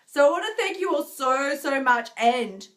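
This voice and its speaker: A woman's voice: high-pitched, expressive, moderate pace, fairly bright tone. A woman coach talking live to her viewers, earnest and encouraging, often asking "right?" and laughing lightly. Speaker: binge eating coach. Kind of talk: live video talk to viewers.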